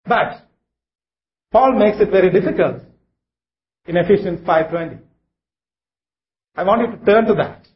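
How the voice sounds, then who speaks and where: A man preaching a sermon to a congregation, halting, with many fillers and restarts. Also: sits high, reverberant, lo-fi sound.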